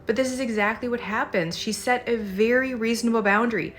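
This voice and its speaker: A woman hosting a podcast, retelling a listener's story with emphatic, animated commentary. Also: fairly high pitch, brisk, a little hiss or hum. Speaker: podcast host.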